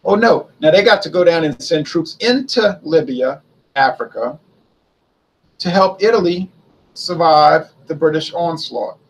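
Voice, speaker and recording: A man's voice: on the high side, animated, a little slow, slightly rough, rough recording. A man giving a casual spoken history commentary, chatty and conversational, asking rhetorical questions and answering them himself. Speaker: history video host.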